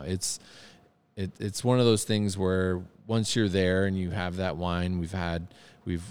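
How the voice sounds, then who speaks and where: A man's voice: sits low, measured pace, clear, resonant tone. A man chatting casually and with enthusiasm, often repeating words as he searches for them. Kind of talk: casual chat.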